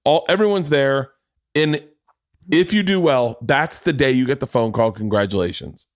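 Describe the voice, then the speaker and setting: A man in his forties hosting a podcast, telling a long story in casual chat, animated and swearing, jumping into quoted voices. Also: mid-range voice, normal speed, no room sound, studio quality. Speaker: podcast host.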